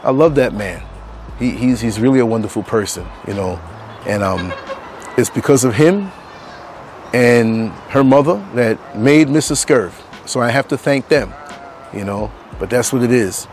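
A man's voice: medium pitch, expressive, unhurried, darkish tone, a little hiss or hum. A man hosting his podcast outdoors on a street, talking in an earnest, emphatic way and repeating phrases for stress. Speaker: podcast host. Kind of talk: reflective monologue to camera. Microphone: clip-on mics.

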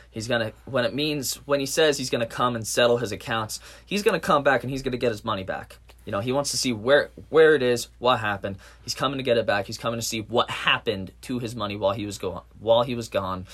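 A man's voice: fairly low pitch, fairly bright tone. A man leading a casual Bible study discussion, reading scripture aloud and explaining it loosely with plenty of fillers.

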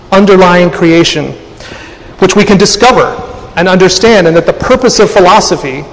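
A man preaching a sermon in a thoughtful way, often restarting and repeating words as he works through an idea. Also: sits high. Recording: long hall reverb.

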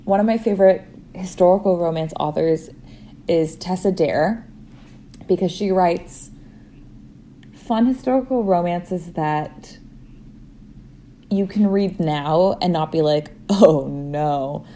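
Chatty giggly young woman, low-pitched. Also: takes it slowly, long pauses, dark tone, a little hiss or hum. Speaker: podcast co-host. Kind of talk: casual chat.

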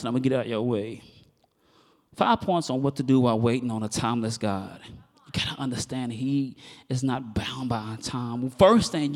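A man's voice: medium pitch, a little mellow, big-room sound. A male pastor preaching a sermon in a church, telling stories with animation and building to impassioned, fiery preaching.

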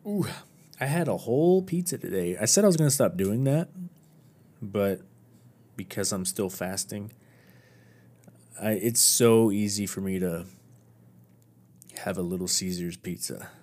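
A man's voice: on the low side, unhurried, pauses often, a little mellow. A man hosting his own podcast alone, chatting casually in a rambling, self-deprecating way. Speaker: podcast host. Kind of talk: casual solo podcast chat.

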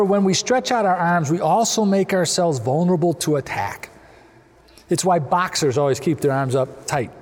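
Earnest male preacher, slightly high voice, long cathedral echo. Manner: earnest, gently voicing quoted figures. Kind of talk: sermon. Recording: long reverb of a large hall.

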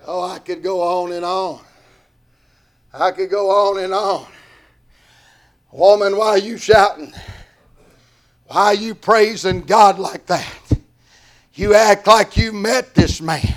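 An older man preaching an old-time sermon, swinging from hushed talk to shouting in a sing-song way, with a gravelly voice. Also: sits high, steady tone, takes it slowly, pauses often.

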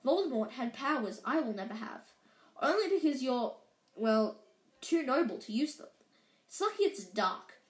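A woman doing a calm old wizard, gentle and unhurried, raised voice, roomy echo. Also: high-pitched.

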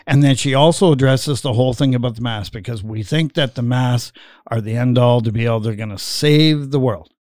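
A man's voice: medium pitch, brisk, darkish tone, no room sound, studio quality. A middle-aged man hosting a casual chat, rambling with many fillers and laughing as he tells stories. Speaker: podcast host.

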